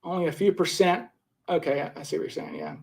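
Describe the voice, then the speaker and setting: With a gravelly, slightly mellow, fairly high voice, this live-stream host talks fast and swings wildly in pitch. He reads viewer comments casually and rambles through his suspect scoring, often repeating and restarting.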